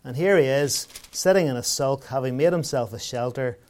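A man's voice: mid-range voice, normal speed, a little mellow. A man preaching a sermon in a conversational way, asking rhetorical questions and telling everyday anecdotes.

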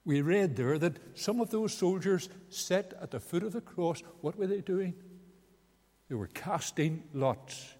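Slow earnest preacher in a hall. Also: male voice, high voice, animated, a little mellow. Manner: slow, earnest, rising to emphatic peaks. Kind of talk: evangelistic sermon. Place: meeting house. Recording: long hall reverb.

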